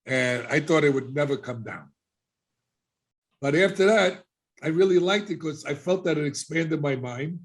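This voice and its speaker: A man's voice: fairly high pitch, normal speed. A middle-aged man telling his life story as a podcast guest, casually and animatedly, acting out the voices of people he quotes.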